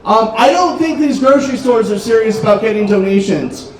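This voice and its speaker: High-voiced deadpan stand-up comedian. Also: male voice, fairly quick. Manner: deadpan dark jokes with filler ums. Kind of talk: stand-up set. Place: restaurant comedy stage. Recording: roomy club, distant mic, crowd noise. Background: audience laughter.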